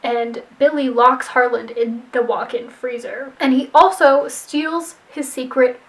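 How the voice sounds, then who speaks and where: High-voiced chatty woman recapping a story. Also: steady tone, unhurried, rough recording. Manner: chatty, playful, wry asides. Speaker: screenwriter rewriting a movie plot.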